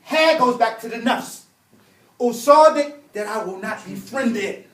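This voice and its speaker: A man teaching an Arabic religious text in class, emphatic and animated, repeating key points and reading Arabic quickly. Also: very high-pitched, reverberant, far from the mic. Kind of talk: classroom lesson.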